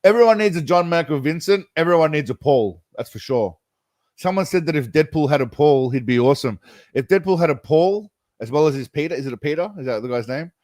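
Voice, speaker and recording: A man's voice: fairly high pitch, animated, brisk, a little mellow, no room sound. A man hosting a casual livestream chat, rambling with lots of laughter and calling viewers mate and brother. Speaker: livestream host.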